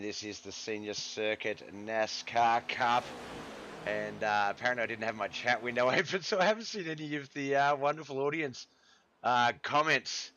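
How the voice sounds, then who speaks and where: A man's voice: medium pitch, fairly bright tone, dull audio, a little hiss or hum. A man hosting a live stream, giving casual commentary on a racing league and chatting with viewers in the chat, whom he calls brother. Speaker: stream host and race commentator.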